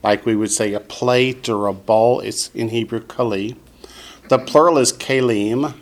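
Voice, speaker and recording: A man leads a classroom language lesson at an unhurried, measured pace. He says each new word with care, then explains its meaning in plain terms. His voice sits at an ordinary pitch. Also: fairly even intonation. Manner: slow, deliberate, pronounces each word for the class to repeat. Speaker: Hebrew teacher. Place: classroom with students.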